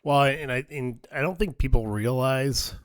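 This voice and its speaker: A man's voice: mid-range voice, normal speed, no echo, studio quality. A man in his forties co-hosting a casual chat, a blunt and profane storyteller. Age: 40s. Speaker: podcast co-host.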